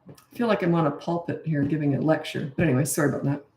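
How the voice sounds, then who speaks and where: A woman's voice: low voice, racing, darkish tone. A middle-aged woman coaching parents in a blunt, emphatic way, laughing at herself now and then. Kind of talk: casual advice monologue. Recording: echoey room.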